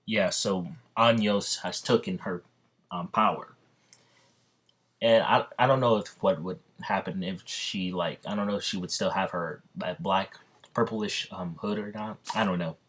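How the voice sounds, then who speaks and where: A man retells a fan story in a loose, off-the-cuff way, rambling and stopping to correct himself. His voice is low and deep, and the telling stays unscripted. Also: steady tone, a little slow, a bit bright.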